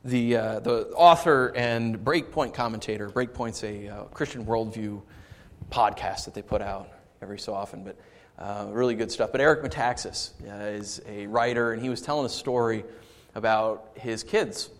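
A man preaching a sermon as pastor, shifting into lively storytelling and asking his congregation for responses. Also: lowish voice, moderate pace. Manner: conversational preaching with lively storytelling and audience asides. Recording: long reverb of a large hall.

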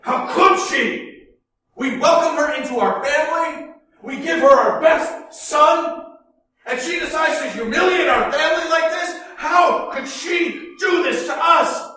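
A man voicing a furious older father who shouts his words slowly and heavily. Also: extremely high pitch, voice pushed up, exaggerated voice. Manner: shouting, slow and heavy. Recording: echoey room from a distance.

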